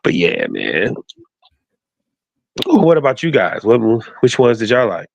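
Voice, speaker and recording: A man's voice: mid-range voice, wildly swooping pitch, unhurried, gravelly, no room sound. Rambling man in his forties, casual chat. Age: 40s. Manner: rambling, many fillers and asides. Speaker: podcast co-host.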